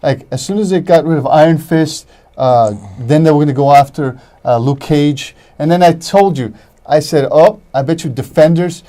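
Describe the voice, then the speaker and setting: A man co-hosting a casual chat about movies and TV, halting and searching for words. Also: on the high side, warm tone. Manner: halting, searches for words, chimes in with short replies.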